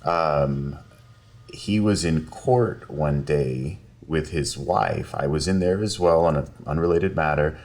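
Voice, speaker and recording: A man, a lawyer, telling a story in a casual podcast interview, animated and quick to laugh while acting out quotes. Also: rumbling low. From South Texas. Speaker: personal injury lawyer, podcast guest. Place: podcast studio.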